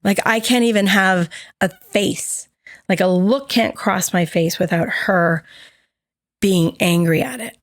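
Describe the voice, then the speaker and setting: A woman's voice: medium pitch, slow pace, no echo. A woman co-hosting a podcast, candidly telling a personal story and acting out the voices of others in it. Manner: candid, animated, acts out quoted dialogue. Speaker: podcast co-host.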